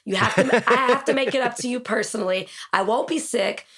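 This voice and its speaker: A woman hosting a podcast in casual chat, sick and losing her voice, talking with quick restarts. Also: on the high side, fairly bright tone. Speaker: podcast host.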